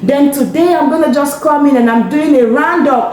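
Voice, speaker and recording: Woman, Nigerian accent, high voice, phonics teacher, leading questions, encouraging, very echoey room. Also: moderate pace, hardly any pauses, darkish tone. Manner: asks leading questions and answers them herself, phonics drilling; encouraging, frequent praise. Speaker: reading teacher. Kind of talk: instructional video lesson. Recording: echoey room, faint background noise.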